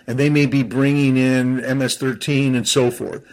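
Medium in pitch and level in tone, a man speaks at a moderate pace while giving heated political talk-show commentary. He frequently stumbles and restarts as he grows agitated, and describes himself as seething.

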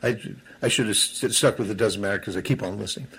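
A man's voice: on the low side, quick pace, fairly bright tone, slightly rough. A man giving heated political commentary on a talk show, often stumbling and restarting his sentences as he gets worked up. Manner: heated, stumbles and restarts, self-described seething.

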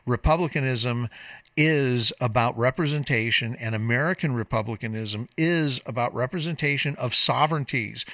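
A male call-in radio host delivers a long, emphatic monologue and wanders into side points. His tone is bright and pushing. The sound is dry and a touch distant from the microphone. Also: medium pitch, dry recording. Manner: lecturing, emphatic, drifts into tangents. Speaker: radio talk show host.

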